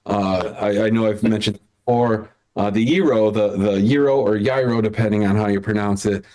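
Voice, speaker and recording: A man's voice: lowish voice, flat delivery, moderate pace, mellow. Man hosting a live online comedy show, loose and rambling, chuckles at his own bits. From Chicago area. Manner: rambling, self-interrupting, laughs at own jokes. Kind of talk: casual hosting banter on a video call.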